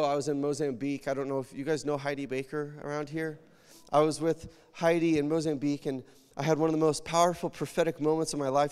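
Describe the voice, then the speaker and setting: Male pastor, emotional sermon, tearful, slightly high voice, loud pleas and near whispers, long hall reverb. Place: church hall.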